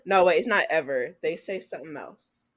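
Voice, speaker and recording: Lively, laughing young woman podcaster. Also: sits low, moderate pace, a little hiss or hum, low-quality recording. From United States. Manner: animated, laughs often, slips into joking put-on voices. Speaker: podcast co-host. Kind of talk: casual chat.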